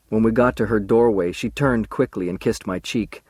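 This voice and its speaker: A man's voice: lowish voice, normal speed, few pauses, dry recording. A man reading an audiobook in the first person, with an earnest and emotional delivery. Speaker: audiobook narrator.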